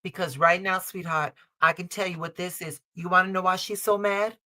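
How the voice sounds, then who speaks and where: A middle-aged woman from Chicago leads a live-stream advice reading, her voice bright and forceful. She repeats her key lines for weight. She calls people baby and honey, and she swears without a second thought. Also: on the low side, steady tone, moderate pace. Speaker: tarot reader and show host. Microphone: streaming call setup.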